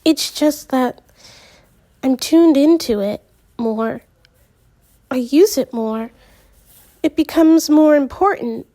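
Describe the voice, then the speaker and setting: A woman voicing Natalie, a calm, newly blind teenage girl who explains things in a measured way in a storybook reading. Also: sits high, dry recording, voice pushed up. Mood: patient.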